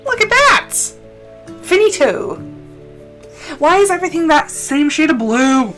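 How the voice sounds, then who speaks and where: A woman streamer talks loosely over her gameplay and keeps wandering into tangents. Her voice sits a little high and swings widely in pitch, and it sounds bright and lively. Soft music plays underneath. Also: measured pace. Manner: rambling, goes off on tangents; animated and expressive. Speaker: game streamer. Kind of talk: casual gameplay chat.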